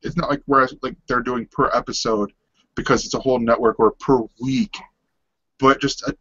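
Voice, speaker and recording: A man's voice: mid-range voice, steady tone, normal speed, a bit bright, no room sound. Rambling male podcast co-host, lo-fi. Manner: rambling, restarts often, laughs easily. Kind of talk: casual podcast chat. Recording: dull lo-fi dry sound.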